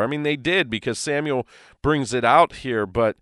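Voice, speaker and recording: A man's voice: medium pitch, normal speed, a bit bright, smooth, no echo, studio quality. A man teaching from the Bible on a podcast, earnest and conversational, with frequent restarts.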